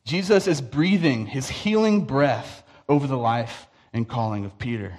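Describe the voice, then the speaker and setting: A young man preaching a sermon, telling stories and acting out quoted voices, often dropping to a soft, intense tone. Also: medium pitch, lively intonation, unhurried, hardly any pauses. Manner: storytelling, acts out quoted voices, drops to quiet intensity.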